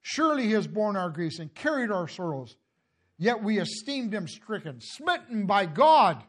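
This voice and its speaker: High-pitched impassioned male preacher. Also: very animated, moderate pace. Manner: impassioned, rising to loud calls then dropping low; frequent coughs and throat clearing. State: emotional, tearing up. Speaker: pastor. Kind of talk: sermon with scripture reading.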